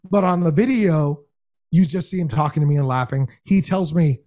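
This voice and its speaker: A man telling a story in casual podcast talk, animated and full of imitated voices. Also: a little high, normal speed. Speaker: podcast guest, game show host.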